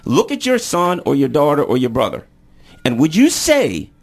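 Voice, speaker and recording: A man's voice: on the high side, vocal fry. A man hosting a political talk radio show who argues animatedly and jumps in over the other speakers. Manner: animated, argumentative, quick to interrupt.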